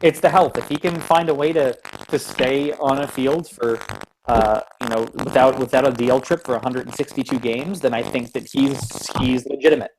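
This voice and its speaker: A man's voice: medium pitch, steady tone, moderate pace, background noise. Rambling male sports podcast host. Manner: rambling, lots of fillers and restarts. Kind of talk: casual sports chat. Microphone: home computer mic over an online call.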